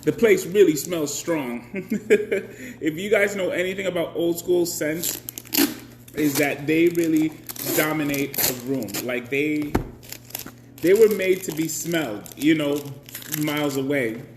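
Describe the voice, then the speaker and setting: A man's voice: on the high side, slow, background noise. A man hosting a casual live stream, chatty, greeting viewers by name and laughing often.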